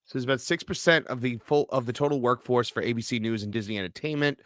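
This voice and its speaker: A man reading a news article aloud on a live stream, plainly, at a medium pitch. The sound is dry and close. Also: quick pace, fairly bright tone, dry recording.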